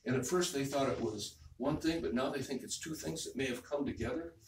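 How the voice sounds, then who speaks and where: A male minister giving a sermon in a relaxed, conversational way, repeating phrases and checking in with the congregation. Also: medium pitch, brisk. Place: church hall. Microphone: distant room mic. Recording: echoey hall, distant mic, faint noise.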